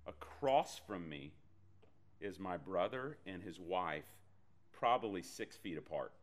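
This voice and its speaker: A man preaching a sermon, telling a personal story with animated delivery and self-deprecating humor. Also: low-pitched, slow pace. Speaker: pastor.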